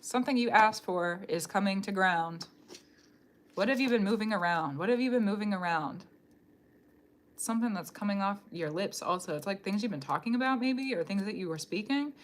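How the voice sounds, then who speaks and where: A woman giving a live-streamed psychic reading from a room at home, talking straight to the viewer in a loose, rambling, animated way. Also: medium pitch, a little fast, a little hiss or hum. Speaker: tarot reader.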